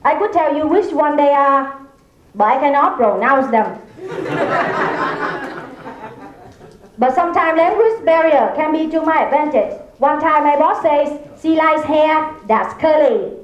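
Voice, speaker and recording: Slow, high Vietnamese-accented comedienne. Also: female voice, animated, some chatter behind. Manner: slow, deliberate delivery of punchlines. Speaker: stand-up comedian. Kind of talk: stand-up comedy. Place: comedy club stage. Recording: echoey lo-fi club recording.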